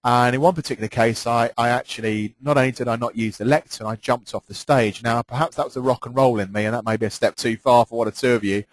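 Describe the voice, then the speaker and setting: A man's voice: medium pitch, fast talker, few pauses, no room sound, low-quality recording. A man coaching professionals over a webinar, his mid-range voice pressing hard on key points and doubling words for stress. The sound is close and dry, with no room around it. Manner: emphatic and animated, repeats words for stress. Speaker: presentation trainer. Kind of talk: webinar presentation.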